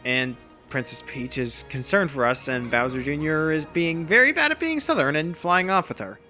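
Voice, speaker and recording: Bright-voiced man casually narrating gameplay. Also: fairly high pitch, lively intonation, normal speed, soft background music. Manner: casual, rambling, self-deprecating. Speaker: gameplay commentator. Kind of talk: let's play commentary.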